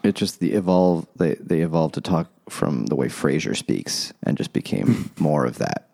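A man's voice: extremely low pitch, expressive, normal speed, vocal fry, mellow. A man co-hosting a casual book podcast over beers, laid-back and joking, rambling with restarts. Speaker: podcast host.

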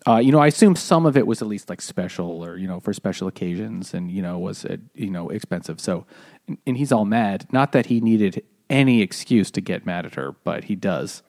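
A man in a casual book chat, retelling the plot with lively pitch jumps when he quotes characters. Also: brisk. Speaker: podcast co-host.

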